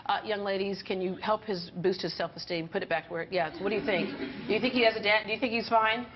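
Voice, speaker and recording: A woman's voice: mid-range voice, fast talker. A woman hosting a live TV studio interview, chatty and teasing, often laughing. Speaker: talk show host. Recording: dull lo-fi sound, loud crowd and noise. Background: studio audience.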